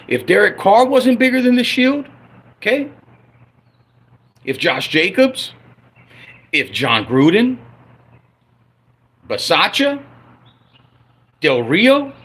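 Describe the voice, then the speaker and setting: A man ranting on a livestream about his football team, profane and heated, swinging between loud outbursts and low grumbling. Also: husky. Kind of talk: angry unscripted livestream rant.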